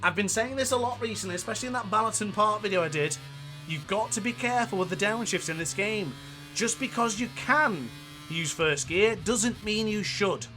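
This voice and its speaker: Bright-voiced northern English gaming commentator. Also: male voice, high voice, normal speed, a little hiss or hum. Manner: chatty, excitable, laughs often. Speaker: racing game commentator. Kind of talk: gameplay commentary.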